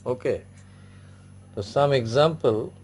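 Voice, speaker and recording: A man's voice: mid-range voice, slow, slightly rough. A man teaching an online French class, patiently repeating each word and example several times. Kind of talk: online language lesson.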